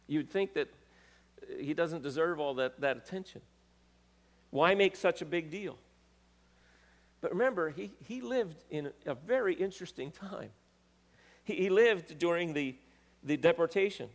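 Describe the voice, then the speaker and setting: A man's voice: a little high, lively intonation. Preaching man in an echoing hall. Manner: reads scripture aloud with rising emphasis, halting self-corrections. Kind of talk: sermon. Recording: long reverb of a large hall.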